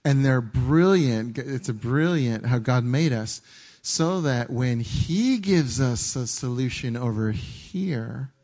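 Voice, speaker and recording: A man's voice: mid-range voice, slow pace. A man preaching a casual, conversational sermon on a church stage, often repeating himself and acting out his own inner dialogue. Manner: conversational, animated, stumbling restarts and acted-out inner dialogue.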